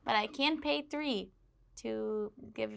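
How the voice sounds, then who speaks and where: A woman playing a tabletop card game, relaxed and brief as she announces her plays. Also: a little high, slow pace, creaky, smooth. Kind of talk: casual tabletop play.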